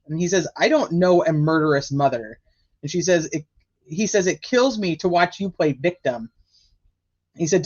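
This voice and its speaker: A man hosts a casual podcast chat and rattles through his notes on a court hearing in a chatty, hurried way. His voice sits a little high. The sound is dull and lo-fi, like a call recording. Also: expressive, darkish tone. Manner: chatty, retells court testimony in a rush. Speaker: podcast host.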